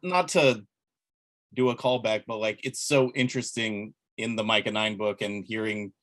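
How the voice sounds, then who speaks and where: A man's voice: lowish voice, steady tone, moderate pace, fairly bright tone. A man co-hosting a podcast, chatting in a thoughtful, rambling way with casual swearing. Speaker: podcast co-host. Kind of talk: casual chat.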